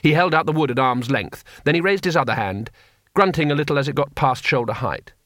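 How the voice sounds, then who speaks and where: A man narrating an audiobook in a dry, lively storytelling manner. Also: on the high side, fairly quick, no echo.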